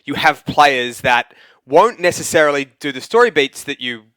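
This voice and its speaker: A man's voice: a little high, expressive, moderate pace, sharp tone, smooth, no echo. A man in casual podcast chat, reflectively explaining ideas with lots of "like"s. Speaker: game co-writer and podcast regular.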